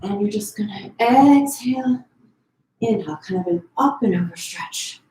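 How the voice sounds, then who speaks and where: A woman leading a Pilates class from home, counting down reps and giving quick form cues, a bit out of breath. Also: medium pitch, animated, mellow. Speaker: pilates instructor. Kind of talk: live online fitness class cueing. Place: her home. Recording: echoey room.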